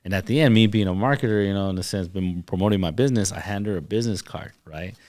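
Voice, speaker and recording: Animated man telling stories on a podcast. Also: low-pitched, fast talker. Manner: animated storyteller, acts out dialogue. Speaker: podcast guest, chiropractor. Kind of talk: casual storytelling.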